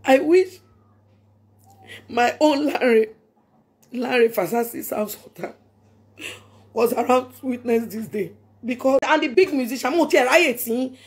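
A Nigerian woman speaks in a high, husky voice. She gives an impassioned, prayerful address and hammers her points home by repeating them. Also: animated, moderate pace. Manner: emphatic, prayerful, repeats phrases for force. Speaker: public statement speaker.

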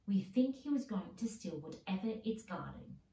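A woman's voice: mid-range voice, big pitch swings, moderate pace, gravelly, dark tone. A woman reading the part of a curious, eager schoolboy wizard, recorded in a roomy space from a distance. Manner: eager, questioning. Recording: roomy sound, mic at a distance.

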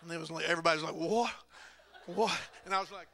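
A man's voice: fairly high pitch, flat delivery, racing, vocal fry, pushed and bright. A man preaching a testimony, telling folksy stories and laughing at himself. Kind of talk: testimony sermon. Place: church sanctuary.

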